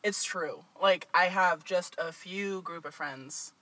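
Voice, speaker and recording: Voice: mid-range voice, takes it slowly, rough recording. A co-host from California with a Californian accent, chatting casually and ending phrases on a rise. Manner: lively and expressive, laughs easily, rising endings. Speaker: podcast co-host. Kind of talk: casual chat.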